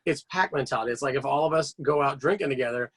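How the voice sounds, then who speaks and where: A man's voice: medium pitch, fast. A man guest on a podcast, telling long casual stories with many fillers and restarts. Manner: animated rambling anecdotes with frequent fillers. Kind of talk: casual storytelling chat.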